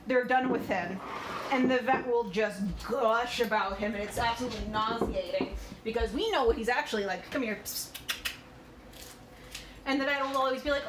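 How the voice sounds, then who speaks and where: A woman's voice: a little high, moderate pace, fairly bright tone, roomy sound, a little hiss or hum, low-quality recording. A woman chatting casually while she cooks in her home kitchen, swearing and laughing about her pets. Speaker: cooking streamer. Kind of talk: casual chat while cooking.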